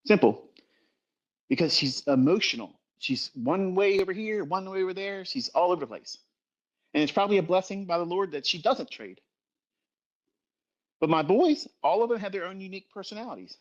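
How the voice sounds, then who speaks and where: A middle-aged man delivers a blunt, profanity-heavy livestream rant, hammering his points home with repetition. His voice sits a little high for a man. The sound is dull and lo-fi, like a streamed recording. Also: animated, moderate pace. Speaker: trading educator on a livestream.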